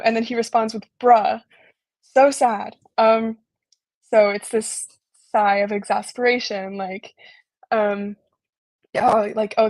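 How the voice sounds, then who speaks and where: A young woman giving a casual online talk, explaining slowly with lots of ums and likes. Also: a little high, no echo. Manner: relaxed, filler-heavy explaining with frequent ums and likes. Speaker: embassy intern presenting a virtual talk. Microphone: video call.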